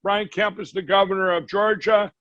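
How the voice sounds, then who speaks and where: High-voiced man telling a rambling story. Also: fairly even intonation, moderate pace, fairly bright tone, dry recording. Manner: rambling, acts out quoted dialogue. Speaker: guest. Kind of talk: storytelling in a conversation. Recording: slightly dull audio.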